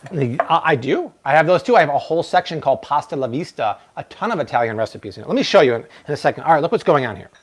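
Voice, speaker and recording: A man in his thirties hosting a live-stream cooking demo, chatty and energetic, now and then slipping into playful broken Spanish. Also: on the high side, very fast, few pauses, breathy edge. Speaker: cooking show host.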